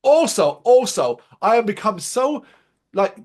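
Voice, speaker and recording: A man co-hosting a podcast that reviews a show, talking in a casual, animated way. His voice sits high for a man. He is sarcastic and swears freely as he rants. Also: a little slow. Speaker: podcast co-host.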